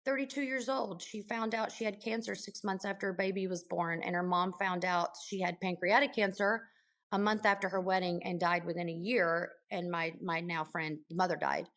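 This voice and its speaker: A woman's voice: fairly low pitch, fairly even intonation, normal speed, fairly bright tone. A woman who works as an ICU nurse, a guest on a podcast, telling stories from her work in an earnest, emotional way, with many restarts and fillers. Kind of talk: conversational interview storytelling.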